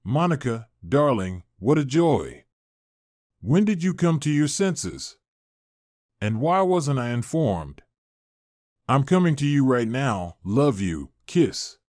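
A man reading the part of a scheming husband who flatters and grovels in a storybook reading. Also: medium pitch, slow, dry recording, clean studio sound. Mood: gushing. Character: scheming middle-aged husband, smooth and fawning.

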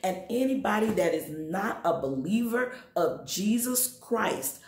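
A woman teaching Sunday school in an emphatic preaching style, talking straight to her listeners and breaking into sudden high exhortations. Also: expressive, a little slow, roomy sound. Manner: addresses listeners directly. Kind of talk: sermon.

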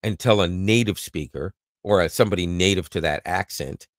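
A man's voice: deep voice, fairly quick, dry recording, clean studio sound. A Canadian man co-hosting a podcast, chatting casually and joking, with laughs and restarts. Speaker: podcast co-host. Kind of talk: casual chat.

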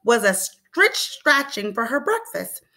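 A woman teacher reading a storybook aloud to children, expressive and asking them encouraging questions. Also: fairly high pitch, takes it slowly. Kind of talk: storybook read-aloud lesson.

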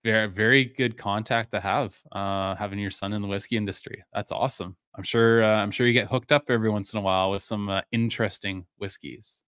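Male stream host, lowish pitch, slightly hoarse, loose chatty delivery, dry close sound. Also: a little fast, hardly any pauses, dry recording. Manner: relaxed, rambling, many fillers and restarts. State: voice going a bit hoarse. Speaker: live-stream whisky reviewer, host. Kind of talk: casual live-stream chat, answering viewer comments.

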